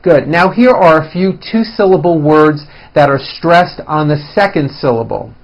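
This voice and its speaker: A man teaching pronunciation in a scripted lesson, deliberately exaggerating the rises and falls of his voice to demonstrate. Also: fairly high pitch, lively intonation, dull audio. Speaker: English teacher.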